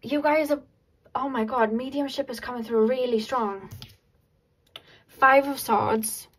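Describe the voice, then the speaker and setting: A woman giving a casual pick-a-card tarot reading to her viewers, excitable and laughing often between many filler words. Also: a little high, a little slow, husky, low-quality recording.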